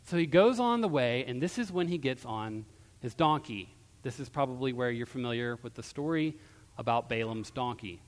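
A male pastor preaching a sermon in a church, retelling a story in a conversational way with a quiet close. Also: medium pitch, lively intonation, normal speed. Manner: conversational storytelling, dropping softer at ends of phrases. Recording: long hall reverb.

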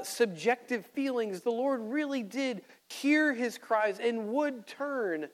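A man preaching an expository sermon, reading scripture aloud and pausing often for emphasis, sometimes correcting himself. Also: sits high. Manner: slow, deliberate, with emphatic pauses and self-corrections.

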